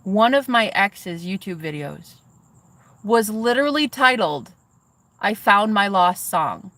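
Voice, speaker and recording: A woman telling a story to her viewers in a casual vlog, excitable and swearing freely as she talks straight to them. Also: mid-range voice, slow, no room sound. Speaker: vlogger.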